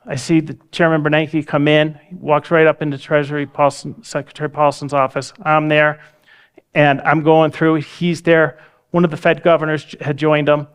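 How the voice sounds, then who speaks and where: A man's voice: on the high side, clear, resonant tone. A man giving a talk, telling a story with vivid acted-out dialogue. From United States. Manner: vivid, acts out quoted dialogue. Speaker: speaker. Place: lecture hall.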